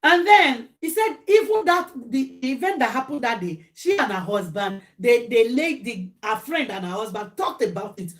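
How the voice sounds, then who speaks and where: Nigerian woman, mukbang vlogger; high, lively gossip retelling with mimicked voices. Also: moderate pace, hardly any pauses. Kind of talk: chatty storytelling while eating.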